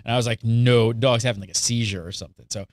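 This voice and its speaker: A man hosting a casual podcast chat, telling an animated story and acting out the quotes of the people in it. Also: mid-range voice, quick pace, no echo, clean studio sound. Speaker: show host.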